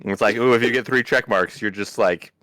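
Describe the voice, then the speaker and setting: A man's voice: lowish voice, fairly quick, fairly bright tone, no echo. A man playing in a tabletop game, talking in rambling bursts padded with fillers. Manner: rambling, full of "like". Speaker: player.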